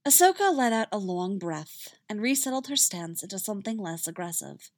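A woman's voice: mid-range voice, big pitch swings, normal speed, no room sound. Woman reading a story aloud, dry. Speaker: narrator. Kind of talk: reading fan fiction aloud.

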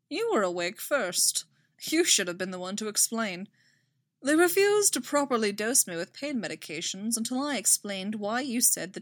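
A woman plays a snarky male mentor, sardonic and wry, lightly teasing. The delivery is unhurried, with plenty of pitch movement, in a close, dry recording. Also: no room sound, heavily acted.

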